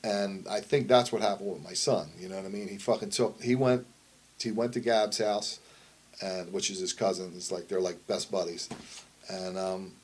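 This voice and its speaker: A man's voice: fairly low pitch, darkish tone, husky. Blunt, foul-mouthed middle-aged man. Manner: blunt, heavily profane, rambling. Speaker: wrestler and promoter. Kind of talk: shoot interview storytelling.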